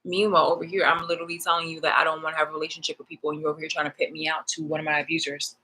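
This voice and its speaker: A woman's voice: low voice, level tone, very fast, bright, forceful tone, a little hiss or hum, poor audio. A woman ranting on a live stream. She is agitated and swears often, repeating phrases for emphasis. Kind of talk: live-streamed personal rant.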